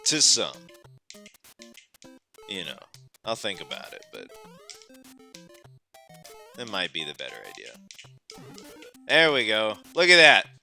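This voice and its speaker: A man streaming a game, chatting casually, animated and exclamatory, and laughing often. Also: on the low side, slow, vocal fry, long pauses, soft background music. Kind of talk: casual gameplay chat.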